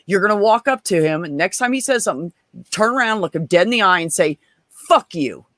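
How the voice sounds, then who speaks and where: A man's voice: sits high, fairly quick, dry recording. A man co-hosting a podcast, telling a story in casual chat, swearing a lot and acting out quoted voices. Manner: animated, profane, acts out quoted voices.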